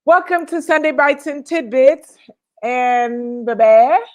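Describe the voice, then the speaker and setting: A woman co-hosting a casual livestream chat, lively and chatty, calling out viewers by name. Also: sits high, slow pace. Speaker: co-host.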